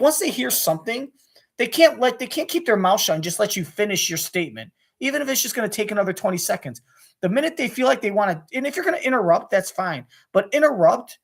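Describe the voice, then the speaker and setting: Man, young adult, angry profane rant, rapid, restless, lots of restarts. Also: sits high. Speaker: sports radio caller venting on his channel.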